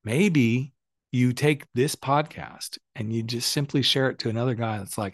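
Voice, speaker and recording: A middle-aged man talks straight into a dry, close podcast mic, coaching his listeners with lively emphasis and casual swearing. His voice sits at an ordinary middle pitch and swings up and down as he gets worked up. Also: normal speed, dry recording. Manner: animated, emphatic, swears freely. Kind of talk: casual motivational monologue.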